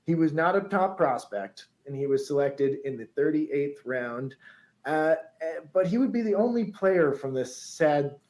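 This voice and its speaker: A man's voice: on the high side, expressive, measured pace, darkish tone, rough recording. A man co-hosting a podcast, telling a story in a chatty way, laughing often and reading quotes aloud.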